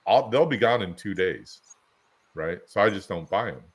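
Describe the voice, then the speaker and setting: A man with a somewhat low voice co-hosting a podcast. He talks in a loose, rambling way, piling up anecdotes and everyday examples to make a point. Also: lively intonation, moderate pace, slightly rough. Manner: rambling storyteller, chatty anecdotes. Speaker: podcast co-host. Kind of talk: casual conversational podcast.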